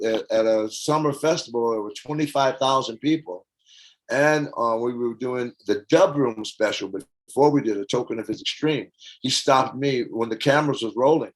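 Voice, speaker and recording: An older man in a casual interview, telling stories with lively acted-out quotes and hummed parts. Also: medium pitch, moderate pace, low-quality recording. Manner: animated storyteller, acts out quotes and hums parts. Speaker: interview guest, former band singer.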